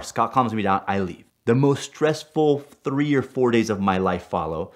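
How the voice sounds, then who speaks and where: Excitable low-voiced storytelling man. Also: moderate pace. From Puerto Rico. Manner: excitable, loud bursts when reliving anger. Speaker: storyteller guest. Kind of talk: animated storytelling.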